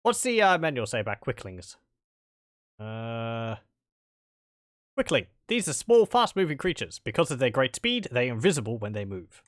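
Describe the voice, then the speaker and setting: A man's voice: medium pitch, very animated, moderate pace, dry recording, studio quality. A man casually commenting on a game as he plays, with wry, rambling asides and chuckles. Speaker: let's play commentator.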